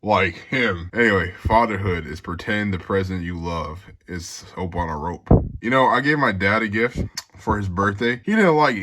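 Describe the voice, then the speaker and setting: A man's voice: lowish voice, fairly bright tone. A young man giving a casual, sarcastic book review, swearing and laughing often.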